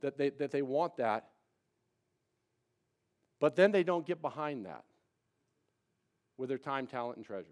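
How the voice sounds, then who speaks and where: A male pastor delivering a live sermon to his congregation, swinging between loud emphatic preaching and quiet confiding asides, often restarting and repeating words. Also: medium pitch, expressive, unhurried, pauses often. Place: church before a congregation.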